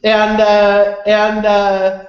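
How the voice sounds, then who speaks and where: A man's voice: high-pitched, completely flat delivery, very slow, echoey room, muffled recording. A man presenting on a webinar, telling a motivational story in a loose, chatty way and often asking "right?" for agreement. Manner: loose and chatty with many fillers.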